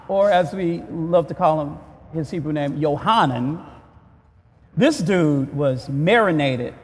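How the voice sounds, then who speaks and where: A man preaching as a pastor, moving from relaxed conversational talk to loud shouted call-and-response preaching with rhetorical questions. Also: on the high side, big-room sound. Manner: asks rhetorical questions to the congregation. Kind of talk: sermon.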